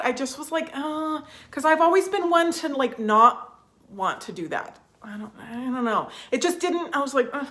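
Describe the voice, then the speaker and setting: A woman vlogging from home, chatting casually with viewers, restarting sentences and reading out their comments. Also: fairly high pitch. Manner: warm, chatty, reads viewer comments aloud; restarts sentences, fillers, emotional at times.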